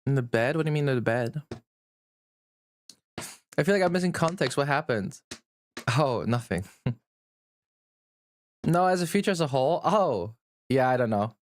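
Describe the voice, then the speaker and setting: A man's voice: medium pitch, expressive, moderate pace, long pauses. A man livestreaming and answering chat in a blunt, profane, teasing way.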